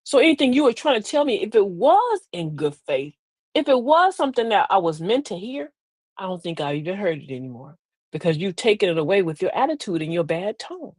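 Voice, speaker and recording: Lively, folksy woman hosting a live talk show. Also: medium pitch, fairly quick, dry recording. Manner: folksy and preachy, addresses listeners as beloved, laughs often. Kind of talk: live-stream talk with viewer shout-outs.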